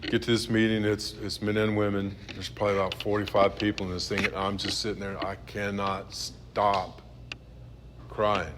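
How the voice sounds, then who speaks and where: A man in his fifties telling his own recovery story in a halting, blunt, profane way, heard on a noisy recording. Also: fairly low pitch, flat delivery. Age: 50s. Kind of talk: personal testimony at a meeting.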